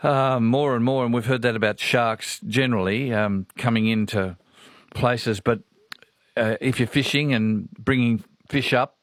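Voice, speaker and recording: Aussie guy hosting talkback radio, relaxed and chatty, dry studio sound. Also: medium pitch, a little slow, no echo. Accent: Australian. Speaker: radio host.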